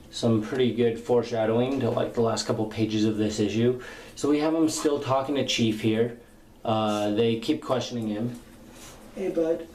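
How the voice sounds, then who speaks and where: A man's voice: medium pitch, normal speed, a little mellow, slight background noise. A young man giving a casual, rambling spoken review of a comic book, retelling the dialogue in slangy paraphrase with lots of fillers. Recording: echoey room with faint ambience.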